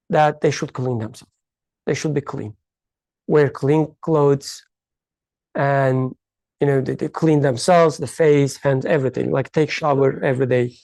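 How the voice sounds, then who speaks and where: In a faith study circle, a speaker unpacks a hadith haltingly and thoughtfully, groping for words in uneven English. The voice sits at a medium pitch with a somewhat dark tone, and the recording is dry.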